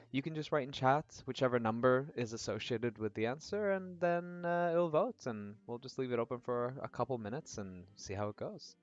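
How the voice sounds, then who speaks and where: A man streaming a game, chatting casually with his viewers in a rambling way. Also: medium pitch. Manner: chatty, rambling, frequent fillers and laughs. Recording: dull lo-fi audio with faint music.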